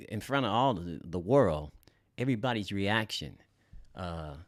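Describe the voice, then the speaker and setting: A middle-aged podcast host from Los Angeles tells stories in a laid-back, slangy way, loaded with fillers and free swearing. His low voice is recorded at studio quality with no echo.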